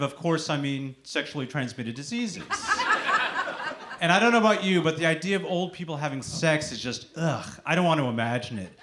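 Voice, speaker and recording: A man in his thirties performs stand-up on a club stage through a handheld mic. His voice sits a bit high and swoops up and down in a sing-songy way. The live recording is noisy. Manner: sing-songy, talks as if everything is a question. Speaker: stand-up comedian. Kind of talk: stand-up set. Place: comedy club stage before a live audience.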